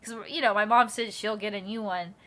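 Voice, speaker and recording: A woman's voice: mid-range voice, fairly even intonation, brisk, pushed and bright. A young woman streamer casually telling a story to her chat, laughing often and swearing freely.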